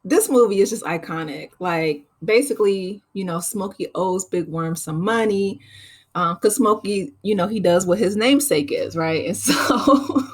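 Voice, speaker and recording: A woman's voice: medium pitch, moderate pace, slightly rough. A woman hosting her channel, chatting casually through a movie recap and laughing often. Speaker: channel host.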